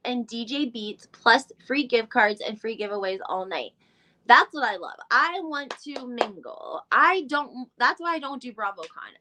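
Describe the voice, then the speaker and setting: A woman's voice: on the high side, pushed and bright. A woman hosting a live recap, chatting casually and thinking aloud as she looks things up, with mild swearing and lots of fillers. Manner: chatty, rambling, thinks aloud while searching online. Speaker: podcast host doing a live recap. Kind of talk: casual live-stream chat.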